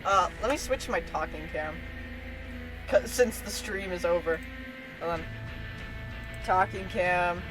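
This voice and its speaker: A woman streamer reacting live, excitable, casual and swearing freely as she shouts and laughs. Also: lowish voice, takes it slowly, pauses often, music in the background.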